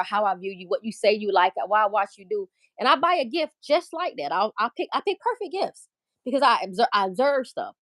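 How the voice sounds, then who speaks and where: A woman hosts a loose livestream chat. She talks in a candid, emphatic, profane way that wanders from point to point. Her voice sits at a middle pitch and sounds dry and close, with no room echo. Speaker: livestream host.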